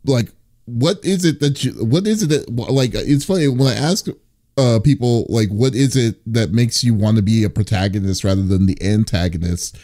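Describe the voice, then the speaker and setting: A man hosting an interview, asking halting questions with frequent restarts. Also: mid-range voice, dark tone. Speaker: interview host. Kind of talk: casual interview chat.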